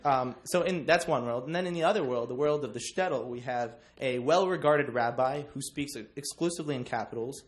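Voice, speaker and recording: A man's voice: mid-range voice, brisk, few pauses, slight background noise. A young man giving a class book presentation, joking with many ums. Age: young adult. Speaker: student presenter.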